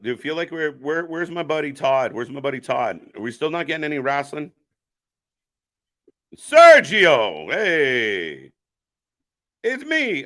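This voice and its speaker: A man's voice: mid-range voice, sharp tone. A man hosting a live watch-party stream, giving loose, profane commentary and answering chat. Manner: profane, rambling, jokey, chats with viewers. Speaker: live stream host reacting to wrestling.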